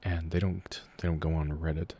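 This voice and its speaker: A young man in his twenties, from Canada, chats through a live Q&A from his room at home. His voice sits deep and soft-edged, with a mellow warmth. He wanders through answers in a relaxed, rambling way, full of fillers and trailing hedges. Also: normal speed. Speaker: audio creator hosting a live Q&A. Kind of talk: casual live-stream chat.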